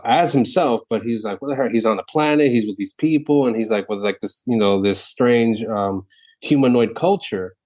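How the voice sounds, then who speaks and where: A man talks as a podcast guest in a mid-range voice. He tells stories with lively energy, swears freely and jumps into the voices of the people he describes. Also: mid-range voice, low-quality recording. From New York City. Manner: lively, profane, acts out quotes. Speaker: guest artist. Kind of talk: animated storytelling chat.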